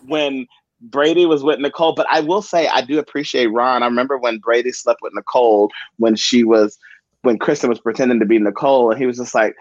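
A man co-hosting a podcast, chatting casually about soap operas in animated, emphatic bursts. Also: mid-range voice, a little fast, no echo, highs cut off. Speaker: podcast co-host.

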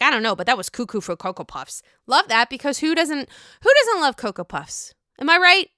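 A young woman recapping a reality show in a casual, gossipy, animated way, swearing freely. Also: a little high, clear, resonant tone, dry recording, clean studio sound.

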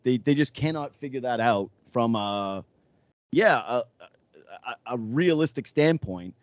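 Animated jokey man, dry mic. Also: mid-range voice, a little slow, dry recording, dull audio. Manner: animated, jokey, acts out quotes. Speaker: sports podcast co-host. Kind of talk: casual chat.

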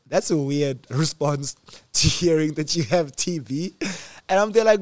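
A man in his twenties telling a personal story in casual chat, animated, acting out quotes with sudden jumps in pitch and loudness. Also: unhurried, no echo. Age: 20s. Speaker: host.

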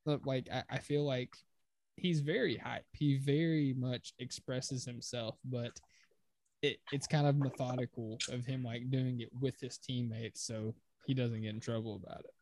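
A man in a relaxed podcast chat about basketball, speaking at an ordinary middle pitch. His voice is recorded close and dry, with no room sound around it. He keeps the conversation moving and rattles off statistics easily. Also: moderate pace, no echo. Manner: conversational, steers the talk, recites stats. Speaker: podcast co-host. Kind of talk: casual sports chat.

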